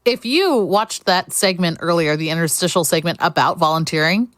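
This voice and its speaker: A woman's voice: on the low side, normal speed, a bit bright, no echo, clean studio sound. A woman hosting a live charity speedrun stream, chatty and upbeat as she reads out donations and thanks volunteers. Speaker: marathon host.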